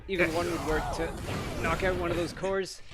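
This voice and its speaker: A man's voice: a little high, level tone, normal speed, very noisy. A man chatting casually while playing a game, laughing often and guiding his co-player. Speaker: gaming streamer. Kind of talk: casual gameplay chat. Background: game music.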